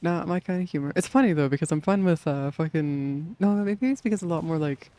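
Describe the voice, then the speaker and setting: A man's voice: fairly high pitch, brisk, mellow, clear, resonant tone. Rambling young man streaming a game. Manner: rambling, laughing, swears often, many fillers. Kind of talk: casual gaming stream chat.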